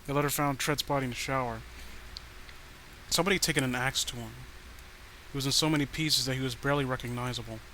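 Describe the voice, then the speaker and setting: Male horror story narrator, grim and deadpan, mid-range voice. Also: mid-range voice, fast talker, pauses often, slight background noise, poor audio.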